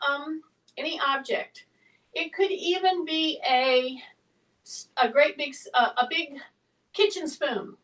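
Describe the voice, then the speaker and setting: A woman with a Southern US accent coaches a home workout in a high, bright voice. She talks in a chatty, encouraging way while moving, and she sits a little back from the mic. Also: distant mic, rough recording. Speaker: fitness instructor. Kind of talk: casual exercise instruction. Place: home exercise space.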